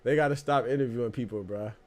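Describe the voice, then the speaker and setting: A man's voice: medium pitch, fast. A man hosting a boxing podcast live stream, talking casually and animatedly, laughing often and calling everyone "bro".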